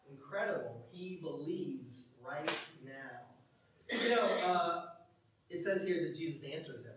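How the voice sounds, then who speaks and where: A man preaching a sermon as pastor, telling stories animatedly, acting out quotes and dropping from loud to hushed. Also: fairly high pitch, expressive, normal speed. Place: church. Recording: echoey church hall from far off.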